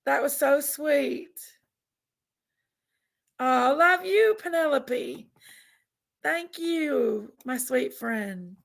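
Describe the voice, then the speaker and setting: A woman's voice: sits high, expressive, extremely slow, creaky, pauses often. A woman hosting a casual live stream, chatting with viewers in an effusive, rambling way. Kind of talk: casual live chat reading comments.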